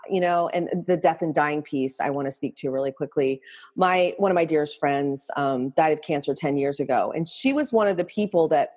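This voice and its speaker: A woman's voice: fairly low pitch, a little mellow. A middle-aged woman talking candidly as a guest in a casual podcast interview, telling stories from her life as a mother.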